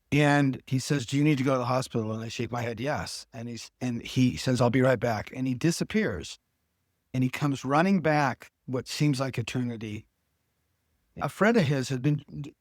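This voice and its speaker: A middle-aged podcast guest shares his personal testimony in casual, earnest conversation, quoting dialogue as he tells his life story. His pitch is ordinary mid-range, and the recording is close and dry with no room sound.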